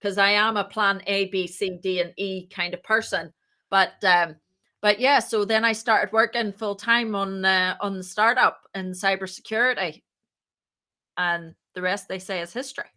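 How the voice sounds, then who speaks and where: A woman, a startup founder, telling her story as a podcast guest, lively and acting out the voices in her anecdotes. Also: medium pitch, normal speed. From moved to Ireland. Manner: lively, acts out quoted dialogue. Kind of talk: casual interview storytelling.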